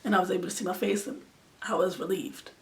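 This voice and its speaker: A woman's voice: lowish voice, steady tone, quick pace. A woman in her twenties telling an emotional storytime in an earnest way, sometimes sinking to a near-whisper. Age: 20s. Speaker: vlogger. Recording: distant mic with faint background noise.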